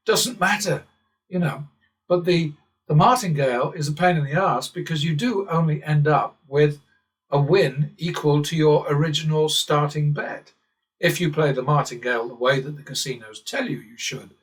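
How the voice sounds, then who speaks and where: With a voice on the high side and a normal speed, an English channel host is heard through a distant mic. He rambles sardonically off topic, often breaking into chuckles.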